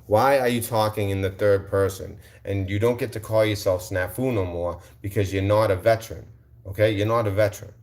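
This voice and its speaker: A man's voice: lowish voice, steady tone, brisk, a little mellow. A male livestream host answering his chat in a combative, mocking rant, repeating his insults.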